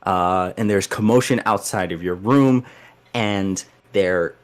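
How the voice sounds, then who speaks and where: GM narrator, man, lowish voice, casual rambling delivery, dry close recording. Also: slow, dry recording. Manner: loose, filler-heavy narration with many "like"s. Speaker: game master. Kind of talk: narrating a tabletop game.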